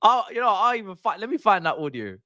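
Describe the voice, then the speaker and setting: A man's voice: high voice, sing-song, quick pace, sharp tone, dry recording, clean studio sound. A young man hosting a live football watch-along, ranting in exasperation and slang.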